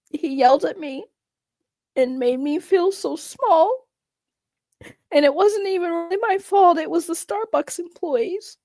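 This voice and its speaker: A woman with a slightly high, somewhat mellow voice acts out a mock testimony as a weepy young ex-coffee girl. There's no room sound, and her lines come out choked and broken by frequent pauses.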